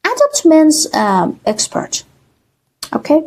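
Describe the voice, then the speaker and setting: Slow, fairly high-voiced Persian-accented woman teacher. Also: huge pitch swings, darkish tone. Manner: slow, many fillers, repeats words with "okay?". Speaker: English teacher. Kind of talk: online exam-prep lesson.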